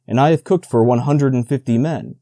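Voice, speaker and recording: A man's voice: medium pitch, brisk, warm tone, dry recording, clean studio sound, lightly acted. A man voicing a stubborn, sulky army cook who answers in a curt, grudging way.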